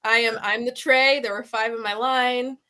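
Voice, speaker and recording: A woman guest in an interview, talking in an animated, expressive way and laughing easily. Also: a little high, moderate pace, clear, resonant tone. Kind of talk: interview conversation.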